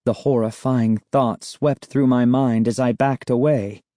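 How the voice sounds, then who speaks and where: Slow, mellow male audiobook narrator. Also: mid-range voice, steady tone, dry recording, studio quality. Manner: measured storytelling. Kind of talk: scripted narration.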